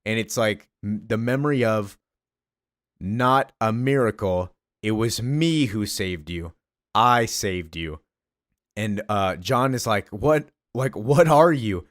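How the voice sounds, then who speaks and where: Excited man gushing over a comic. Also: lowish voice, takes it slowly, dry recording, studio quality. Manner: excited, gushing, reads character lines with slight voices. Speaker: comic book reviewer. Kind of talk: enthusiastic comic recap.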